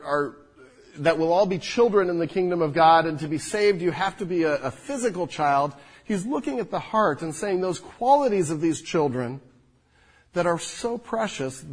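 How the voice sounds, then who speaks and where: A man preaching a sermon as pastor, animated and full of restarts. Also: high voice, husky, poor audio. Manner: animated, restarts often, drops soft when speaking to children. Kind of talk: sermon with children up front. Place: church sanctuary.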